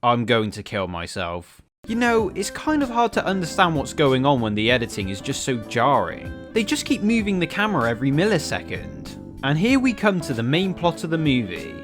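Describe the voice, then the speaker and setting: A man's voice: on the high side, sing-song, normal speed, few pauses, music in the background. A man giving a sarcastic, exasperated, profane comedic film review.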